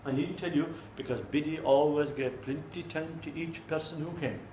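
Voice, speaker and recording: A man with an Irish accent telling a folk tale live in an animated way, full of comic asides. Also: a little high, moderate pace, roomy sound, background noise. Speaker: storyteller.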